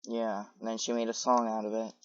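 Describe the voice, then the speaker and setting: A woman's voice: a bass voice, level tone, fairly quick, very noisy. A woman commentating on clips in a sarcastic, incredulous way, with many hesitant fillers. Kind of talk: reaction commentary. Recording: dull lo-fi dry recording.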